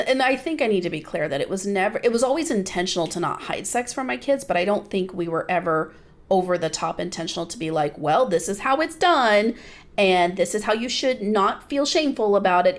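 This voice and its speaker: A woman in her forties, a podcast guest, telling candid stories in a blunt, laughing way. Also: mid-range voice. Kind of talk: candid casual chat.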